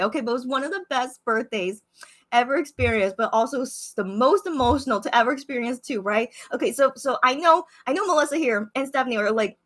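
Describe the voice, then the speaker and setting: Chatty high-voiced woman on a livestream. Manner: chatty, excitable, many fillers and restarts. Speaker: livestream host reading viewer comments. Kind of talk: casual live-stream chat. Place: Korea.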